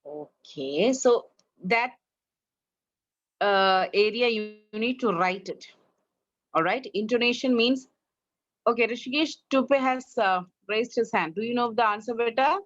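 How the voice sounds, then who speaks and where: A woman's voice: fairly high pitch, measured pace, pauses often, a bit bright, dry recording, lo-fi sound. A woman with an Indian English accent teaching English online, correcting her students' pronunciation and drilling them. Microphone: online class, video call.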